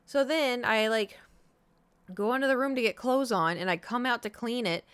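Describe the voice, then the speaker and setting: A woman in her thirties telling a story to her stream viewers in a casual chat, animated and full of swearing, acting out her own reactions. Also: fairly high pitch, normal speed, smooth, dry recording. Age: 30s. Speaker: livestreamer.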